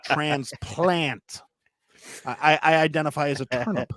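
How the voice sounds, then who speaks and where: A man in his thirties spins a profane, self-mocking story, his voice rising and falling in a lively way. He stumbles through restarts, recorded close and dry on a podcast mic. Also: medium pitch, normal speed, dry recording. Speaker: podcast guest, chef. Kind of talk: casual storytelling.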